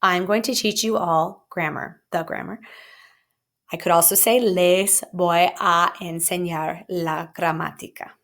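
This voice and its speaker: A woman teacher explaining grammar in a recorded lesson, playful and jokey, with sudden lively jumps up in pitch. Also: measured pace. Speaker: Spanish teacher.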